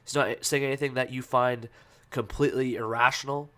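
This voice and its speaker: A man's voice: mid-range voice, steady tone, a little fast, fairly bright tone. A man hosting a casual podcast, talking loosely with lots of fillers and breaking into heated, profane rants. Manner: loose, hesitant with many fillers. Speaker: podcast host.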